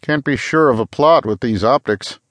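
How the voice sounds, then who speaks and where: A gloomy spacer navigator who mutters every doubt under his breath, as a man puts him on. The pitch sits a touch higher than the narrator's own, with an odd, altered color. Close, dry audiobook sound. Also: normal speed, dry recording, natural voice. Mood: doubtful. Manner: muttering, pessimistic.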